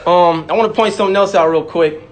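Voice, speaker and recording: Talking fast in a high voice, this man delivers an impassioned, expletive-filled rant as a rapper. He drives points home through repetition and ridicules imaginary detractors in abrupt put-on voices.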